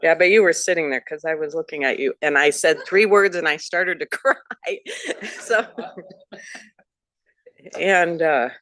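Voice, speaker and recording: A woman, the new board vice chair, giving earnest, halting remarks at a board meeting while tearful. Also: deep voice, a bit bright, no echo. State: tearful, voice breaking.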